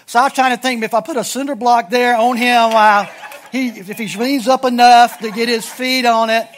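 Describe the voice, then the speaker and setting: A man's voice: very high voice, steady tone, normal speed, a bit bright. A middle-aged man preaching a sermon in a conversational, humorous storytelling style to his congregation. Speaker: pastor.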